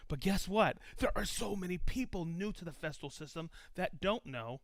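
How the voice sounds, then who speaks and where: A man hosts a live stream with a bright, clear voice that sits high and swings widely in pitch. He sounds enthusiastic as he greets viewers by name and hometown. The sound is close and dry. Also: big pitch swings, normal speed, few pauses, no echo. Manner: enthusiastic, reads out viewer locations. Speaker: host of a live tool show. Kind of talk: casual live-stream chat.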